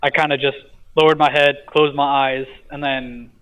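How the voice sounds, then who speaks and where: A man's voice: fairly high pitch, level tone, moderate pace, a bit bright, clean tone. A man, a podcast guest, casually retelling a dream, hesitant with many fillers and a stutter he mentions himself. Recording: tinny phone-like line.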